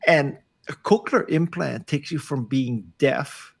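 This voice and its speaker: A man's voice: medium pitch, takes it slowly, creaky, breathy edge. An older man talking as a guest on a video call, wry and self-deprecating, often emphatic. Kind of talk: casual interview over video call.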